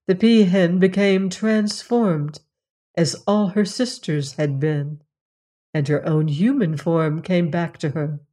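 Slow, low-voiced woman reading a fairy tale. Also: warm tone. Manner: measured, solemn fairy-tale telling. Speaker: narrator. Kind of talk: storybook reading.

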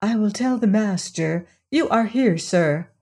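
A woman's voice: medium pitch, expressive, a little slow, a little mellow. A prim, polite housemaid, as a woman reader puts her on. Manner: prim, respectful and deferential.

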